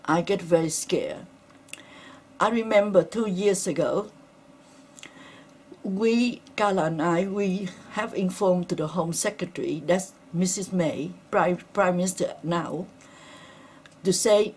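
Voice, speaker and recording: A middle-aged woman gives emotional personal testimony in an interview. Her English is halting and non-native, and her voice is husky and a little breathy. She sounds earnest and shaken. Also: lowish voice, darkish tone. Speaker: interviewee, attack survivor.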